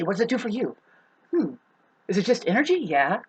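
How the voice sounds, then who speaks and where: A woman's voice: medium pitch, big pitch swings, brisk, long pauses, husky. A woman delivering a rambling spiritual monologue from home, swearing and breaking into emphatic outbursts. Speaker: spiritual astrology vlogger.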